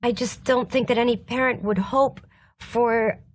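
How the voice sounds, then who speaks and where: A woman's voice: fairly high pitch, fairly even intonation, a little slow. An actress playing a nervous, awkward young woman at a family dinner, apologizing in stumbling bursts; a film clip. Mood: flustered.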